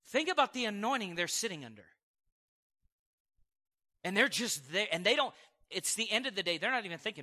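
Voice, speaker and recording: A man in his forties preaches to a church congregation in a high, very bright and sharp voice. He's animated, telling stories with lively swings, quick acted-out quotes, and chuckles.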